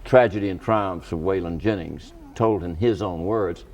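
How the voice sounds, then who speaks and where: A low-pitched man hosts a studio book interview. He speaks in careful, measured phrases and often pauses to find the right words. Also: darkish tone. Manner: deliberate, hesitant with many uh and um. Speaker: TV interviewer and host.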